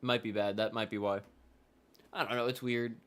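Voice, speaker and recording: A man's voice: on the low side, level tone, normal speed, clear, resonant tone. A man streaming a casual live reaction to a football game, chatting loosely and trailing off into restarts as he goes.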